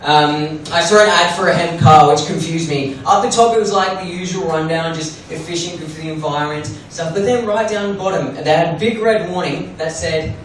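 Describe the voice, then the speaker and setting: High-voiced comic in an echoey club. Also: male voice, a little fast, hardly any pauses, a bit bright. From Australia. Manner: rambling, self-deprecating, swears freely. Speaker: stand-up comedian. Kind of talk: open mic stand-up. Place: comedy club stage. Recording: roomy distant club recording, noisy.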